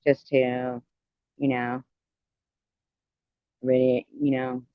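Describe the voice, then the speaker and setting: A man's voice: medium pitch, completely flat delivery, very slow, clean tone, no echo, highs cut off. A man telling a personal story to viewers in a casual, rambling, heartfelt way, with many "you know" fillers.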